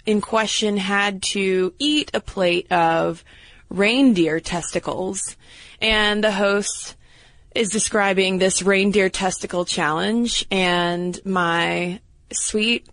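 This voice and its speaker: A woman co-hosting a podcast, telling stories in a lively, casual way with fillers. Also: mid-range voice, slow, dry recording. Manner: animated storytelling with fillers. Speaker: podcast co-host. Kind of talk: casual chat.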